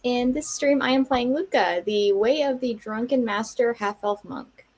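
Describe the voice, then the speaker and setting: A woman's voice: a little high, moderate pace, a little mellow. Cheerful woman introducing her character. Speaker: player. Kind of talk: casual livestream introduction.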